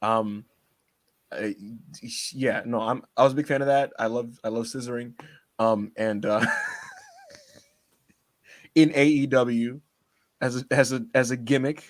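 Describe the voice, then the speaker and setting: A man co-hosting a casual podcast, excitable and teasing, laughing often as he talks. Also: medium pitch, unhurried, long pauses. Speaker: podcast co-host.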